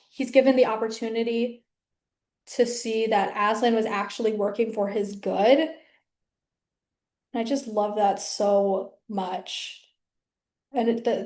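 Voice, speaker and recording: In a room with noticeable echo, a woman hosts her own video, chatting casually to the camera. Her voice is slightly high with a somewhat dark tone, and she rambles, using lots of fillers and frequently starting over.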